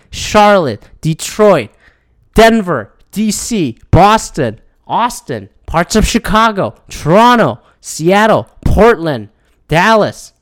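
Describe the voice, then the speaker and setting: A man's voice: sits high, clear, resonant tone, no echo. Frustrated, profane man ranting. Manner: profane, frustrated, rambling with restarts. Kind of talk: casual rant.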